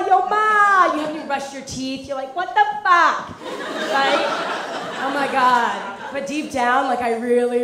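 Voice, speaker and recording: Young woman comic, high voice, chatty and giggly, echoey club, audience noise. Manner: chatty, peppered with "like", laughs at own jokes. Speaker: stand-up comedian. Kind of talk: stand-up set. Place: comedy club with live audience. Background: audience laughter.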